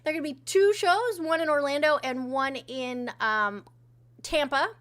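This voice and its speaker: A woman's voice: high-pitched, normal speed, a bit bright. A woman co-hosting a casual livestream, talking offhandedly with frequent swearing and reading out viewer messages. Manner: profane, offhand, reads out chat messages. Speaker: co-host.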